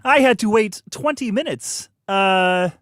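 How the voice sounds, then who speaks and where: A man co-hosting a podcast in casual comedic chat, making wry deadpan asides. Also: sits high, a little slow, no echo, studio quality. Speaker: podcast co-host.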